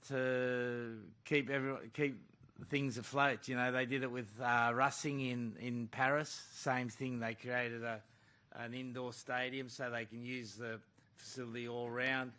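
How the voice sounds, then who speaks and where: A man's voice: mid-range voice, pushed and bright. A man, a rugby coach, answering questions bluntly at a press conference and calling the questioner mate.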